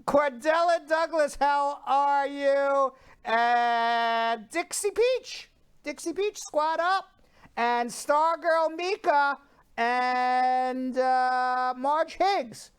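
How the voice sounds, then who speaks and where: An energetic middle-aged man hosts a live-stream show. His voice sits very high for a man as he greets viewers and reads their comments one after another. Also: smooth. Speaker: host.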